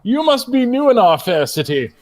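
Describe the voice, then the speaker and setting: A man playing a pompous orc gentleman, Gothmog. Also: very high-pitched, sing-song, moderate pace, pitched above the performer's own voice. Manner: posh, drawling and snobbish. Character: fussy, pompous male orc gentleman with monocle.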